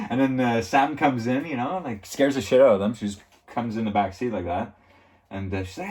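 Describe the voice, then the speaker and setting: A man's voice: mid-range voice, a little fast, a little mellow. A man reviewing a TV episode in a casual, rambling recap, full of filler words and chuckles. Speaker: TV show reviewer.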